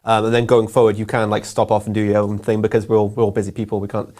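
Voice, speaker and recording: A man's voice: on the low side, completely flat delivery, darkish tone. A man co-hosting a business live show, chatting casually with lots of fillers and laughs, his voice a little worn. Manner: quick, laughing, filler-heavy. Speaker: co-host.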